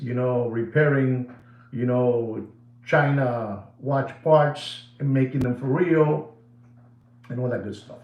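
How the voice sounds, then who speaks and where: Animated man ranting in an echoey room. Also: mid-range voice. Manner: animated, repetitive, switches into Spanish phrases. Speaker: watch channel host. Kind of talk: casual rant to camera.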